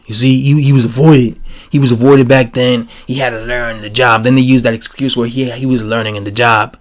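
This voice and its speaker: A man giving a casual, rambling opinion rant on his channel, animated and full of fillers and restarts. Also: mid-range voice, normal speed. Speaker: boxing commentator vlogger.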